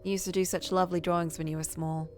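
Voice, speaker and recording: A woman's voice: on the low side, level tone, fast talker, faint music behind, natural voice. Woman reading as a nagging older mother. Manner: gently scolding, doting. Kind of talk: reading game dialogue aloud.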